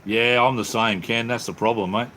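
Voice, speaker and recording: A man's voice: medium pitch, steady tone, moderate pace, noisy background. Laid-back Australian man chatting live. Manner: laid-back, calls everyone mate. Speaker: livestream host. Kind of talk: casual live chat with viewers. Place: home workshop.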